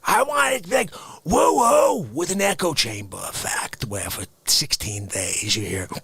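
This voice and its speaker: A man hosting a livestream, riffing comedically and swinging between loud shouts and hushed whispers. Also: lowish voice, huge pitch swings, moderate pace, gravelly, breathy edge, no room sound. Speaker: livestream host. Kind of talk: rambling comedic riff.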